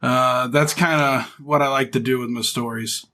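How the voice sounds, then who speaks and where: A man's voice: mid-range voice, fairly even intonation, moderate pace, pushed and bright. A man co-hosting a comedy podcast, jokey, telling stories in a loose way. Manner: jokey, storytelling. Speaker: podcast co-host. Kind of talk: casual comedic podcast chat.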